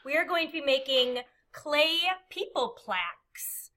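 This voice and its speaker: A woman's voice: high-pitched, animated, unhurried, pushed and bright. A woman art teacher demonstrating a kindergarten clay lesson, explaining each step patiently and counting aloud. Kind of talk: instructional demonstration.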